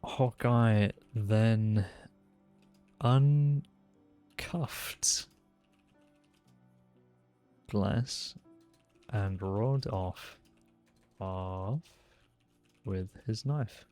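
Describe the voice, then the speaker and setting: A man's voice: fairly low pitch, extremely slow, pauses often, faint music behind. A man streaming a role-play game, chatting casually and laughing often as he jokes with another player. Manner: laughs often, relaxed and joking.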